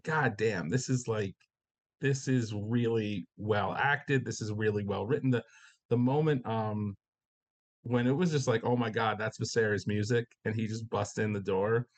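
Animated, swearing male podcast co-host. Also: medium pitch. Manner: animated, swears freely, acts out characters' reactions. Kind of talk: casual chat about a TV episode.

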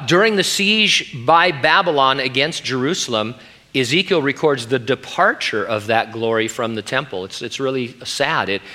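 A middle-aged pastor preaching a sermon in an earnest, emphatic way. His voice is bright and forceful, at an ordinary pitch for a man.

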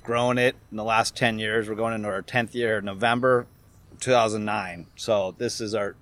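A man's voice: on the low side, fairly even intonation, normal speed, fairly bright tone. A man who co-founded a company, talking steadily and earnestly in a casual interview. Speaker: company co-founder, podcast guest.

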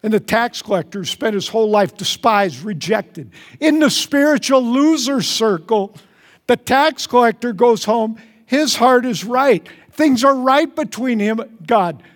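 A man preaching a sermon as pastor, earnest, repeating phrases and dropping softly for prayers. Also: expressive, a little slow. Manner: earnest, repeats phrases, drops to soft low tones for prayers. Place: large church hall. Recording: long hall reverb.

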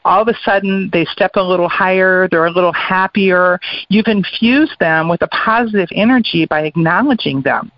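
A woman's voice: lowish voice, normal speed, few pauses, dry recording. A woman guest on a radio talk show, explaining her ideas in an earnest, casual way. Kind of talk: casual chat. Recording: dry, muffled radio audio.

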